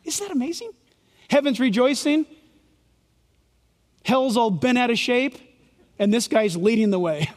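Man, fiery sermon, sarcastic, very high lively voice, long church echo. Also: moderate pace, long pauses. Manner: animated, sarcastic, fiery preaching. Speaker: pastor. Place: church sanctuary.

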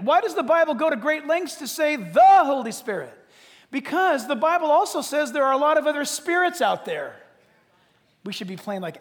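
High-voiced man preaching in a reverberant hall. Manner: emphatic, conversational preaching with asides. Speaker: pastor. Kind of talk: sermon.

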